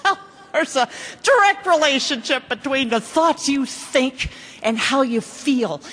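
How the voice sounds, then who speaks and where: High-voiced woman comic, sarcastic and exclaiming, unhurried delivery, stand-up keynote vibe. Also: a little hiss or hum. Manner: sarcastic, animated, exclamatory storytelling. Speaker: comedian and motivational speaker.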